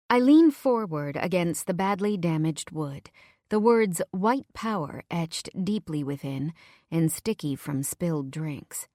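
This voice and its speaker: A woman reading a first-person audiobook in a measured, low-key way. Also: darkish tone, no echo, clean studio sound. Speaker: audiobook narrator.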